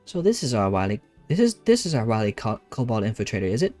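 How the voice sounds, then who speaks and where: A man voicing a gruff male military commander in a game, blunt and mocking. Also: fairly low pitch, sing-song, fast, darkish tone, faint music behind.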